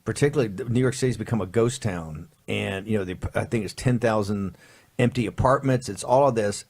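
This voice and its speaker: A man hosting a talk show, rambling and restarting his thoughts as he chats on air. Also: fairly low pitch. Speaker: show host. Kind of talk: casual on-air chat.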